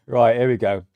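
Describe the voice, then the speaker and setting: A man's voice: mid-range voice, gravelly, dry recording, phone-quality sound. A man hosting a casual livestream, talking bluntly and ranting, swearing freely. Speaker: livestream host.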